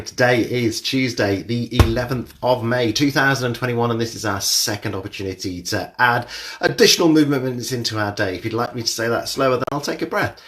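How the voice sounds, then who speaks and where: A man's voice: medium pitch, brisk, reverberant, distant mic. Chatty man leading a home exercise class. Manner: chatty, jokey greetings to viewers, then steady cueing. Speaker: fitness instructor. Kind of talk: live-streamed exercise class. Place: home room.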